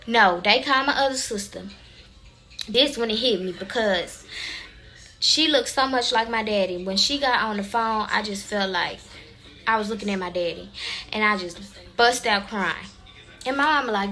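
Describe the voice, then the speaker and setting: Young woman vlogger, chatty storyteller, bright high-ish voice. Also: normal speed, soft background music. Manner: animated, chatty, addresses viewers as y'all. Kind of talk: casual storytelling to viewers.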